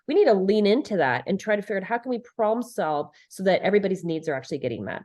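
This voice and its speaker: A woman's voice: mid-range voice, very animated, racing, a little mellow. Emphatic middle-aged woman explaining. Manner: earnest and emphatic, repeats phrases for stress, acts out quoted lines. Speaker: guest, leadership and relationship expert. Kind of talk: conversational podcast interview.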